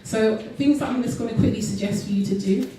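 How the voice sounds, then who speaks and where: A woman speaks earnestly at an event, talking casually with many ums and self-corrections. Her voice is mellow and dark. She is recorded from a distance in a very echoey hall. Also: a little high, brisk, slight background noise. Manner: earnest, with frequent ums and restarts. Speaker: guest speaker. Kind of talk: casual health talk to an audience.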